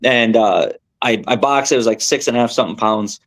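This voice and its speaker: A young man, a tournament angler, telling a story as a podcast guest in a rambling, animated way with many fillers and restarts. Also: lowish voice, a little fast. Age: young adult. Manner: animated, rambling, lots of fillers and self-corrections.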